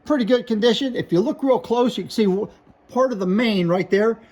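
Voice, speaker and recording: A man's voice: sits high, fairly quick, a little mellow. A man showing glass pieces for sale, listing names, flaws and prices in a plain, matter-of-fact way. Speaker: glass seller. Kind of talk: product showcase sales talk.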